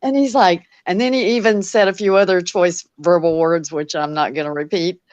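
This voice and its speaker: A woman's voice: fairly low pitch, fairly even intonation, normal speed, a little mellow, no echo, highs cut off. A woman who retells a story animatedly, with frequent laughs and fillers. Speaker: guest. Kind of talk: casual storytelling.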